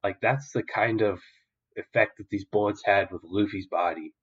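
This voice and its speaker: A man's voice: on the low side, moderate pace, slightly rough. A young man hosting a podcast, casually and profanely retelling the plot of an episode in a rambling way, in a dull lo-fi recording. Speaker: podcast host.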